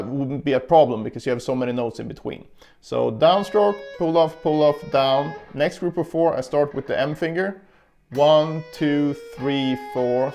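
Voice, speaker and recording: Gravelly-voiced man teaching guitar. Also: on the high side, darkish tone. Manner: counts beats aloud while demonstrating. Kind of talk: casual instructional explanation. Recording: guitar playing in between.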